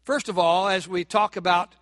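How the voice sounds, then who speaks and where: High bright-voiced preacher man, dry close sound, builds up emphasis, asks the crowd questions. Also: steady tone, normal speed, dry recording. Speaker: pastor. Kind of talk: sermon.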